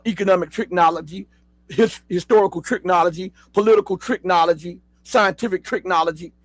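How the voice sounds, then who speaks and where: A man's voice: high-pitched, no room sound, low-quality recording. A middle-aged man with a Southern accent hosts a casual commentary show, reading an article aloud and stopping to question his viewers. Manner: talks straight to viewers, asks rhetorical questions, spells words out. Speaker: host.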